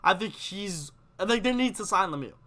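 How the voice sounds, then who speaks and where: Young male live-stream host, excitable and opinionated, bright tense tone. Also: high-pitched, normal speed. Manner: animated, gets worked up, reads chat questions aloud. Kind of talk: casual live-stream hockey chat.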